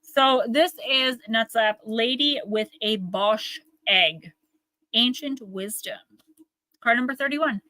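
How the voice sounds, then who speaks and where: A woman's voice: fairly high pitch, takes it slowly, sharp tone, no room sound. Chatty Northern New Jersey woman. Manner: chatty, rambling, talks straight to viewers. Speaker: oracle card reader. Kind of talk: casual live-stream card reading.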